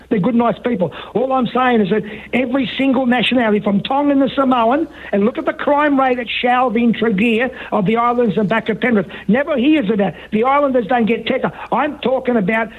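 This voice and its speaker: A man's voice: very high-pitched, a little fast, few pauses, slightly rough. Insistent male caller, on a phone line; repetitive, talks over the host. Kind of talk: heated talkback radio call. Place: on a phone call.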